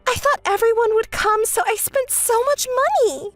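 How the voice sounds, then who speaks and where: A woman's voice: very high voice, moderate pace, dry recording, soft background music, pitched above the performer's own voice. A woman voicing a whiny younger woman who begs and complains in a dramatized texting story. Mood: complaining. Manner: desperate and begging.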